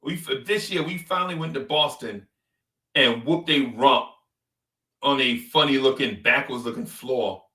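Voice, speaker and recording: Animated trash-talking New man. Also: medium pitch, a little slow, reverberant, far from the mic. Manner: animated, trash-talking, repeats phrases for emphasis. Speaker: sports podcast host. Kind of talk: casual sports talk rant.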